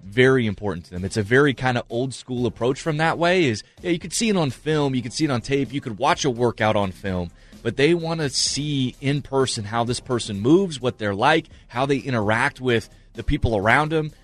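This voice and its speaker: A man's voice: mid-range voice, expressive, normal speed, faint music behind. A man co-hosting a sports talk show, giving earnest, emphatic analysis and repeating his points for stress. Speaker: sports radio co-host.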